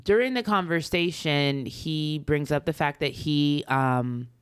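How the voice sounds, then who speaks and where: A woman's voice: deep voice, a little slow, clear, resonant tone. A woman co-hosting a podcast, chatting casually as she retells a story with many ums and acts out quotes. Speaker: podcast co-host.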